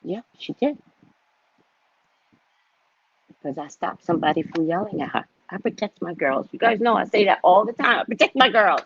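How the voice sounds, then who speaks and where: A woman in her fifties, a psychic reader, telling stories in a dramatic, animated way and speaking to her viewers like family on a casual livestream. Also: mid-range voice, fairly quick, creaky, breathy edge, no echo, lo-fi sound. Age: 50s.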